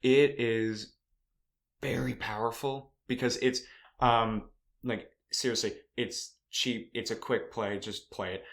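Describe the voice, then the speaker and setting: Halting man in casual podcast chat. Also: medium pitch, fairly even intonation, creaky, fairly bright tone. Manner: talks in halting restarts, heavy "like" and "um". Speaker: podcast co-host.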